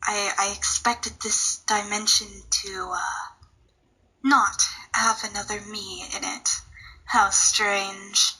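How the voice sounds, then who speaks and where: A woman voicing a haughty female villain, lowering her voice and dropping into whispers. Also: slow, pushed and bright, husky, exaggerated voice, low-quality recording. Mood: puzzled. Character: haughty lady villain from another dimension.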